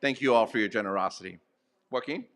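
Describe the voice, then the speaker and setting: A man speaking at a charity luncheon, making a donation appeal and then running a playful live auction with rapid bid calls. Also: on the low side, noisy background. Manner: upbeat, rapid auction calls with self-deprecating asides. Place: banquet hall at a luncheon.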